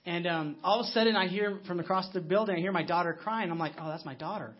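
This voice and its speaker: This man in his thirties is an American pastor giving a conversational, story-driven sermon, often starting his sentences over. His voice is high and his pace quick, captured with a muffled lo-fi sound.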